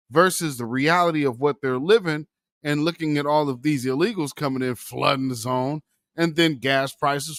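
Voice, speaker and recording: A man with a high, bright voice that leaps all over as he speaks. He sounds impassioned and preachy, talking straight to his audience as family. His recording is dry and close, with no room sound. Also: dry recording. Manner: impassioned, preachy, addresses viewers as family and brother. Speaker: commentary channel host. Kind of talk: political commentary vlog.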